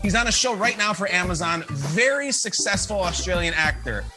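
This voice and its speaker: A man hosting from a quarantine hotel room, telling a story in an excitable, playful way. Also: high voice, normal speed, music in the background. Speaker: show host. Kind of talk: animated storytelling.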